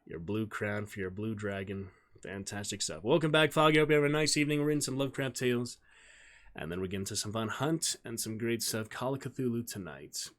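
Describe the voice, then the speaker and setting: A male streamer who greets his chat in an upbeat way and reads a story aloud in a steady narrating voice. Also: medium pitch, a little fast.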